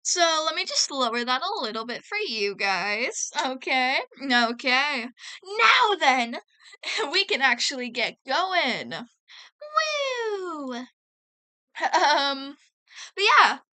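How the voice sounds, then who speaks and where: A woman with a high, bright voice talks unhurriedly through a gameplay session. She is chatty and giggly and keeps addressing her chat. Faint game music plays behind her. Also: sing-song, slow pace. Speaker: let's play gamer. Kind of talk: casual gameplay commentary.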